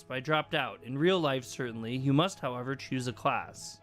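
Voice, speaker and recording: A man's voice: mid-range voice, moderate pace, hardly any pauses, a bit bright, faint music behind. A man streaming a game live, reading its text aloud and casually commenting and laughing.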